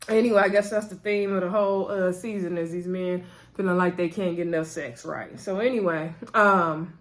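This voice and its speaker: A woman chatting casually as she recaps a TV episode, retelling scenes in quoted back-and-forth with sassy asides. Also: medium pitch. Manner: sassy asides addressing cast as "girl". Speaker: TV recap vlogger.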